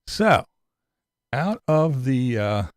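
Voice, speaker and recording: A man's voice: medium pitch, big pitch swings, extremely slow, no echo, clean studio sound. A man giving a sarcastic, profane ranting commentary as a YouTube commentator.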